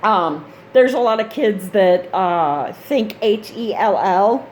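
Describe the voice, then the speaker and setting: A woman's voice: mid-range voice, expressive, slow pace, a little mellow, a little hiss or hum. Chatty rambling woman gaming vlogger. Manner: chatty, meandering, laughs often. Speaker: gaming channel host. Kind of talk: casual rambling vlog chat.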